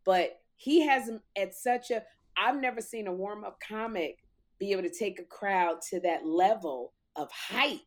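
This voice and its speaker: A woman comic telling a story in lively chat, acting out quotes in a loud voice. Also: mid-range voice, moderate pace. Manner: animated, acts out quotes loudly. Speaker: talk show host and comic, guest.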